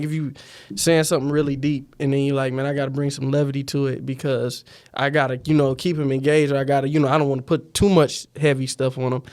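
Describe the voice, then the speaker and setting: A young man hosting a podcast, speaking in a reflective, encouraging way with relaxed slang. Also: on the high side. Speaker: podcast host. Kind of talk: casual conversation.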